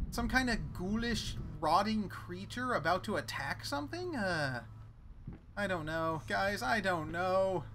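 A man's voice: on the high side, background noise. Jumpy, sarcastic man gaming. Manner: sarcastic, jumpy, talks back to the game. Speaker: gamer playing a horror game. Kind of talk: let's play commentary. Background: game music.

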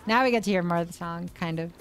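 A young woman streamer giving casual gameplay commentary, excitable and swearing often. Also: lowish voice, fast talker, soft background music. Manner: excitable, swearing, shrieks and laughs.

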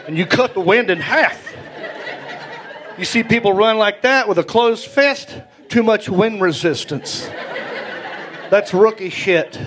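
A male stand-up comedian, telling a story animatedly and jumping into character voices. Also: noisy background. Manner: animated, acts out characters with big pitch jumps. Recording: live comedy club with crowd. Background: audience laughter.

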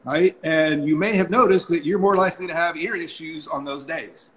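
Chatty fairly high-voiced man instructor. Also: normal speed, fairly bright tone, low-quality recording. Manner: chatty, tags sentences with "right?". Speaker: freediving instructor and guest. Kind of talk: casual storytelling on a live stream. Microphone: phone or computer mic on a video call.

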